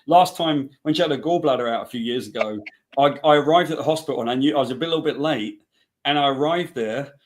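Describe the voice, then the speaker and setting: A man's voice: medium pitch, quick pace. Guy on a live stream telling a silly story, voice jumps way up when he quotes people. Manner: animated anecdote teller, acts out quotes. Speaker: guest, comic book writer. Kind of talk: casual storytelling chat.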